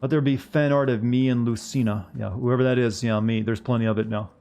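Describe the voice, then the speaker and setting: A man's voice: mid-range voice, fairly even intonation, a little fast, warm tone, faint music behind. A man streaming a video game, chatting casually and joking with his chat as he plays. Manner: rambling, joking asides to chat. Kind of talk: casual gameplay commentary.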